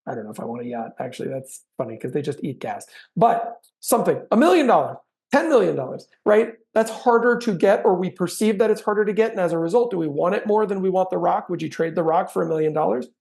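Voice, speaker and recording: A middle-aged man coaching real estate agents on closing techniques, with a gravelly, fry-edged voice. He keeps it conversational and slips into short acted-out sample lines to show how a script sounds. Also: high-pitched, lively intonation, fast, a little mellow. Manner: chatty, acts out sample sales lines. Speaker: sales trainer. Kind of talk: conversational training talk.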